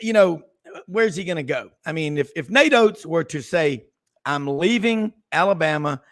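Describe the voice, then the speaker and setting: A man hosting a sports radio talk show, folksy and excitable, exclaiming often in casual chat. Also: a little high, normal speed.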